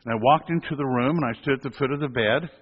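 A man delivers a storytelling sermon, animated and acting out the voices of the people in it. His voice echoes through a long, reverberant hall on a dull, lo-fi recording. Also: medium pitch, quick pace, husky. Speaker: hospital chaplain telling a story.

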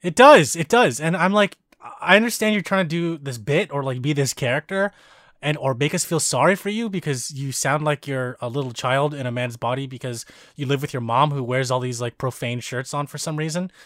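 A man chatting casually on a podcast, animated and swearing, who acts out quoted reactions. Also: mid-range voice, brisk, no echo, studio quality.

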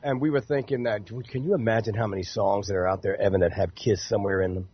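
A man's voice: on the low side, fairly even intonation, fast, breathy edge, dry recording, muffled recording. A man co-hosting a morning radio show, bantering and teasing his co-hosts. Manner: jokey, teasing. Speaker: radio co-host.

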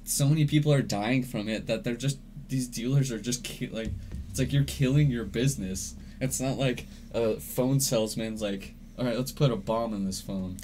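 A man's voice: mid-range voice, normal speed, a little mellow, faint music behind. A young man chatting casually as a podcast co-host, laid-back and swearing freely, often laughing. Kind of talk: casual chat. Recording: faint background noise.

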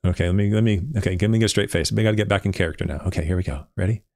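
A man's voice: on the low side, fairly even intonation, racing, vocal fry, darkish tone, no echo, clean studio sound. A man hosting a podcast, reading a research paper aloud and critiquing it with insistent emphasis and bursts of giggling. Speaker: podcast host reviewing turf research.

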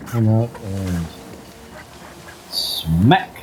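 A man's voice: fairly low pitch, extremely slow, slight background noise, low-quality recording. A man playing a tabletop game, calling his moves in a plain, matter-of-fact way. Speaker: player. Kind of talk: casual tabletop play.

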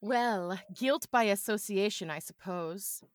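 A woman's voice: mid-range voice, slow, no room sound, clean studio sound. A woman chatting as a podcast guest, telling playful stories in a casual way. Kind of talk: casual chat.

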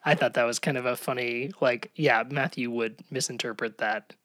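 A man's voice: medium pitch, fairly even intonation, normal speed, a bit bright, no echo. A man co-hosting a podcast, recapping a sitcom episode in a wry, analytical, hedging way. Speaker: podcast co-host. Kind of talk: casual episode recap chat.

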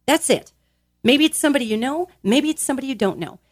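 A woman's voice: fast, no room sound, studio quality. A woman giving an emphatic, upbeat motivational talk on a podcast. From grew up in a large Italian family. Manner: animated, emphatic, acts out little quoted voices; expressive, swinging pitch.

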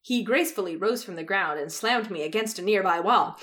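A woman's voice: medium pitch, brisk, a bit bright. A young woman co-hosting a casual chat, reading fan fiction aloud with wry asides and frequent giggles. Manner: giggly, wry, often breaks off to comment.

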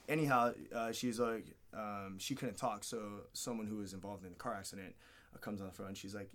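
A man's voice: on the low side, fairly quick, a bit bright. A man, a fighter being interviewed on a podcast, telling a long personal story in a candid, rambling way, swearing often and acting out what people said. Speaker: podcast guest, MMA fighter.

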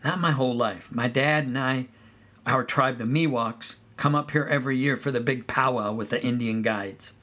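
A man narrating a first-person story of his boyhood at summer camp in a relaxed storytelling way. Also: mid-range voice, moderate pace. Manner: relaxed storytelling, sings song snippets.

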